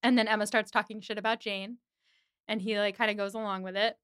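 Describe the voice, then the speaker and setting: A woman's voice: medium pitch, flat delivery, fast, fairly bright tone, smooth, no room sound, studio quality. A woman hosting a podcast, chattily recapping a TV episode and leaning on "like" as she talks. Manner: chatty retelling, heavy use of "like".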